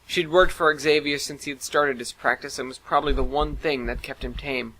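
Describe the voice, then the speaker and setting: A man's voice: on the high side, fairly even intonation, fairly quick, bright, forceful tone, poor audio. A man narrating a first-person science fiction story in an earnest, dramatic reading.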